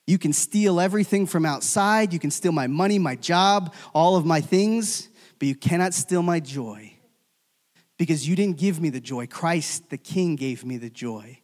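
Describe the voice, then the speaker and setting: A man's voice: fairly high pitch, expressive, moderate pace. Preaching man with hall reverb. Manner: swings from loud emphatic calls to hushed, near-whispered endings. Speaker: pastor. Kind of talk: sermon.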